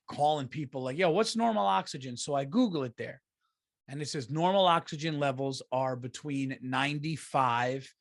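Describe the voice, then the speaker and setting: A man hosting a comedy podcast, telling a story in an exasperated, profane and animated way and acting out what people said. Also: mid-range voice, dry recording, clean studio sound. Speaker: podcast host.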